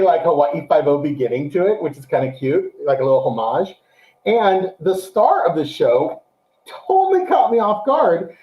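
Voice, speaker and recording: A man chats animatedly as a co-host, his voice pitched a little high with a mellow, soft tone. He breaks into excited, higher impressions when quoting. The sound is roomy and echoey. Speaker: podcast co-host. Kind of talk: casual chat, show review.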